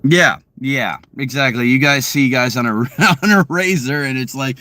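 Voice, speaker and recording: Speaking at a measured pace in a bright, forceful, medium-pitched voice, a young Boston-area streamer talks casually with his viewers from his car. His live chat wanders, full of fillers and false starts.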